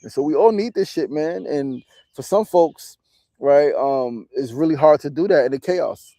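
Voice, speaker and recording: A man's voice: a little high, moderate pace, dark tone. A man in his forties from New City, talking candidly in a reflective casual monologue, often swearing and tagging his points with "right?". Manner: candid, profane, often tags lines with "right?". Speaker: podcast host and meditation teacher.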